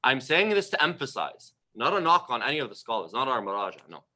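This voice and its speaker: Guy giving a religious talk on a livestream, bright tense voice, kinda chatty and emphatic, repeats himself, trails off quiet. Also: mid-range voice, sing-song, fast talker. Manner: emphatic, repeats phrases, trails off softly at phrase ends; conversational, asks the audience questions. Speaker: religious lecturer.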